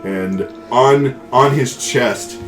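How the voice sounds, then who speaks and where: A man's voice: medium pitch, very slow, reverberant, music in the background. A man narrating a tabletop game as game master, in a casual, rambling way with many fillers. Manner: casual, filler-heavy, laughs often.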